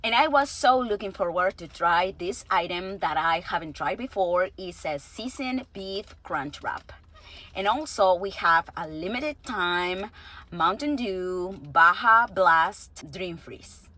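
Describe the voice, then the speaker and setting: A woman reviewing fast food in a casual vlog, chatting between bites and murmuring softly as she tastes. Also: on the low side, animated. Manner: unhurried and chatty, with soft murmurs while tasting.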